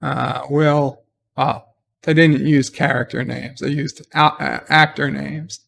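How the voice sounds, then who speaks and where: A man's voice: medium pitch, fairly even intonation, takes it slowly, vocal fry, a bit bright, a little hiss or hum. A man giving a rambling, exasperated spoken review of a TV episode, often restarting his sentences. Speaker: TV show reviewer.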